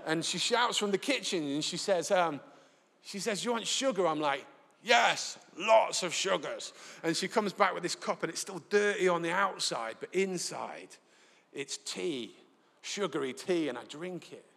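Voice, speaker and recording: Northern English preacher in a reverberant hall. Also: male voice, high-pitched, normal speed, vocal fry. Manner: lively storytelling, acts out dialogue. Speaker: pastor. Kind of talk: sermon with anecdotes. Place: large church hall, live.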